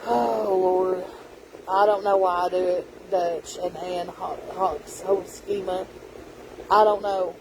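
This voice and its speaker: A woman's voice: on the low side, steady tone, takes it slowly, noisy background. A woman, telling a rambling story in casual vlog chat. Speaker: vlogger.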